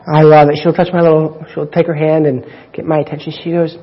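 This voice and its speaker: A man delivers a sermon slowly and deliberately, leaning on key words and pausing between phrases. His voice is a little husky and sits fairly high for a man. The recording sounds dull and lo-fi. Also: little pitch movement. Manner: deliberate, emphatic preaching with drawn-out pauses. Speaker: pastor.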